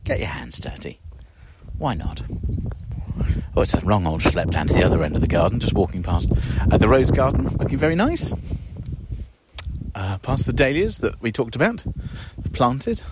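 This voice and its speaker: Chatty man, lively low voice. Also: normal speed, long pauses, very noisy. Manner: chatty, wry and self-deprecating. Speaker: gardening podcast host. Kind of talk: casual walk-and-talk gardening commentary. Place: outdoor home garden.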